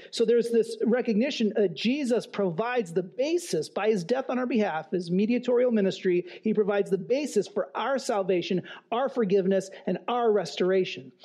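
A man's voice: high voice, warm tone. A man preaching a sermon in an earnest, emphatic way, posing rhetorical questions and repeating key phrases. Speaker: pastor.

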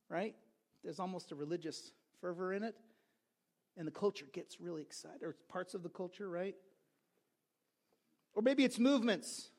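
A man preaching a sermon as pastor, in a conversational way with quick asides and restarts. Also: high voice, darkish tone.

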